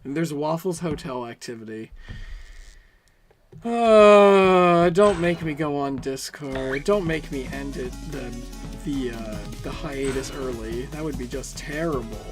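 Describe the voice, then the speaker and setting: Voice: medium pitch, measured pace, faint music behind. A young adult game streamer chatting casually with their audience while playing, rambling in a sarcastic, self-mocking way. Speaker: game streamer reading chat.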